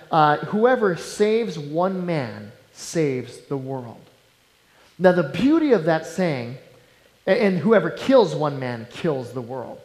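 Preaching man in an echoing church. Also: on the high side. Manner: preaching with big swings of loudness, dropping to near-whispers. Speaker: pastor. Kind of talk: sermon.

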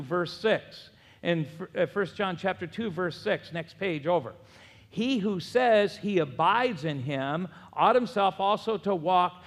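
A middle-aged man preaches in a church sanctuary. His voice sits high, and he tells stories in an animated way, calling on the congregation to repeat after him. A long hall reverb trails behind every phrase. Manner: animated storytelling with audience call-and-response. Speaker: pastor. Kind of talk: sermon.

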